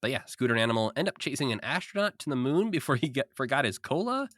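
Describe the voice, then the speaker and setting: A man's voice: medium pitch, very animated, fast talker, a bit bright, dry recording, studio quality. A man co-hosting a podcast, chatting casually and recapping with frequent laughs. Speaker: podcast co-host. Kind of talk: casual chat.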